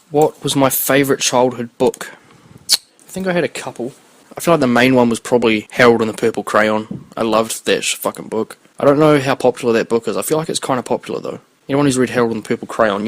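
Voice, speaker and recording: A man's voice: mid-range voice, no echo, poor audio. A young man, hosting a casual solo podcast and rambling along with plenty of swearing. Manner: rambling, sweary, laid-back. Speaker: podcast host.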